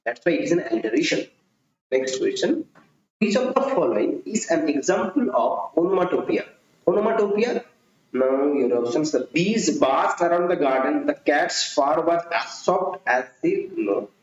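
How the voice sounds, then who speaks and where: A man's voice: on the high side, animated, moderate pace. A man, reading exam questions aloud and repeating phrases as he answers them himself. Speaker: tutor. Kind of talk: exam prep lecture. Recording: roomy, dull lo-fi recording.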